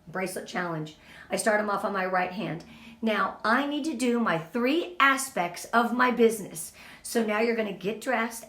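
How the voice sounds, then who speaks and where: A woman's voice: a little high, a bit bright, echoey room. A middle-aged woman leading a casual motivational talk for her team, earnest and openly emotional, speaking straight to the group.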